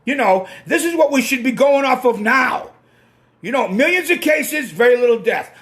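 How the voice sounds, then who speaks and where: A man's voice: very high voice, lively intonation, moderate pace, a bit bright. A man with a Boston accent hosting a casual live stream, ranting and swearing when he gets worked up, through a computer mic.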